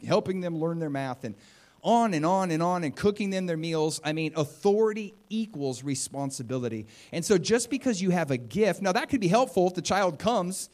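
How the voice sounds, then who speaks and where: A man preaching a sermon in an animated, conversational way, often acting out what people say. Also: sits high, moderate pace. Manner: animated and conversational, acts out quotes.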